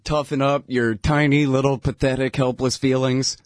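A man's voice: little pitch movement, normal speed, no echo, clean studio sound. A man ranting in a casual, sarcastic way, laughing between points and mocking others in whiny voices. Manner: mocking, breaks into whiny falsetto impressions.

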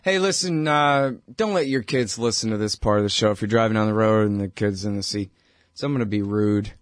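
A man's voice: fairly low pitch, brisk, no echo. Male talk radio host, blunt and heated, chatty with fillers, dry close sound. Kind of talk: opinionated political commentary.

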